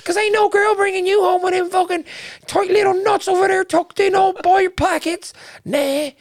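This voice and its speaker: A shrill, foul-mouthed old nan. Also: female voice, steady tone, normal speed. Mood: ranting. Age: older. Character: foul-mouthed old Newfoundland grandmother, blunt.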